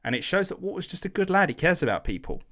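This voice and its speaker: With a high voice and fast delivery, the podcast host spins a history tale full of swearing. He's casual and animated, putting on slangy voices for the quotes.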